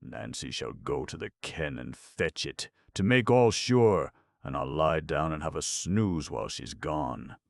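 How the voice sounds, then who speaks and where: A man's voice: rumbling low, expressive, a little slow, creaky, few pauses, no echo, full character voice. A man voicing a surly, bitter male burglar who growls threats and demands. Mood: growling.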